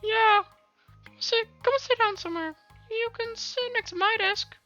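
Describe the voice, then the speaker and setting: A man voicing a cheerful, bubbly teenage girl in a high falsetto voice, stammering eagerly. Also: moderate pace, sharp tone, highs cut off, soft background music.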